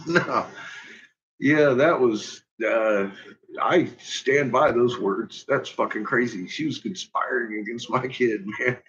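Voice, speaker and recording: A man's voice: mid-range voice, very animated, slow pace, fairly bright tone. A middle-aged man telling stories about his son in casual chat, laughing constantly and swearing freely. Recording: dull lo-fi recording.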